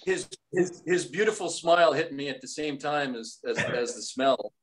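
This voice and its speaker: A man, an actor on a reunion panel, telling an animated story with many stammers and restarts. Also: on the high side, normal speed, a little hiss or hum, poor audio.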